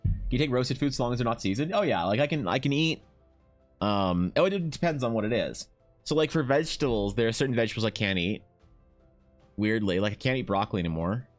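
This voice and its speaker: A man's voice: medium pitch, animated, fast, faint music behind. A man chatting casually on a livestream, rambling with lots of fillers and casual swearing, reading chat and talking to his dog. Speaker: art streamer.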